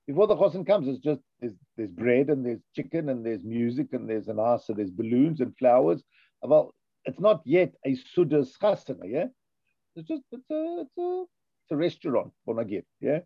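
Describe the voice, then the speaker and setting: Animated man teaching a Torah class. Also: mid-range voice, moderate pace, slightly rough, no room sound, muffled recording. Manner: lively, thinks aloud with many restarts and "yeah?" checks.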